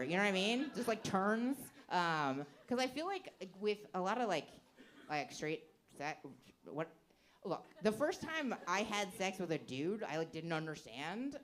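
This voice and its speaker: A young woman performing a stand-up comedy set on a club stage into a handheld mic, rambling with lots of filler words and frequent giggles. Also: lowish voice.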